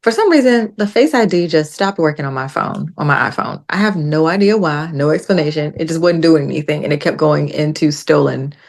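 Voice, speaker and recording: A woman guest on a podcast, telling a story in casual chat and acting out the quotes with lively jumps in her voice. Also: low voice, brisk, vocal fry, few pauses. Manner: animated retelling with acted-out quotes.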